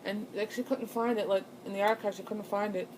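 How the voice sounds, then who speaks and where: A woman's voice: mid-range voice, steady tone, a little fast, a little mellow, slight background noise, poor audio. A young woman telling a personal ghost story in a casual, rambling way, full of fillers and restarts. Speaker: channel host.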